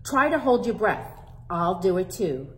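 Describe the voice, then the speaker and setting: A woman voicing a cheerful, eager little girl in a children's storybook read-aloud, sounding excited and bright. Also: medium pitch, measured pace.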